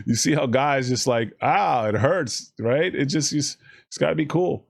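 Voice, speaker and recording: A man talks casually to his stream audience, handing out blunt advice. His talk is loose and rambling, with plenty of swearing. His voice sits at an ordinary middle pitch. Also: normal speed, creaky. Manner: profane, rambling, animated with voiced asides.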